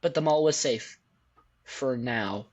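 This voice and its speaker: A young man co-hosting a podcast, reading a silly story aloud in a matter-of-fact, deadpan way. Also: mid-range voice, takes it slowly. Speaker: podcast co-host. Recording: dull lo-fi audio.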